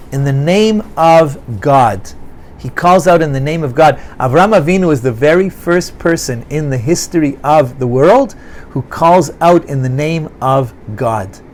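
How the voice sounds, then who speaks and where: Animated rabbi teaching a class. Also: male voice, a little high. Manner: animated, asks students questions, repeats key phrases. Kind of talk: classroom Torah lesson.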